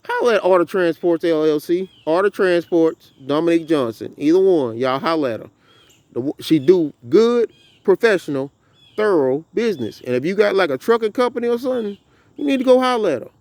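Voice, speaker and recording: A man's voice: high-pitched, a little fast, no room sound. A man in his thirties with a Southern US accent, talking casually and animatedly to camera about his farm outdoors. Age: 30s. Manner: animated, preachy storytelling. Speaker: farm vlogger.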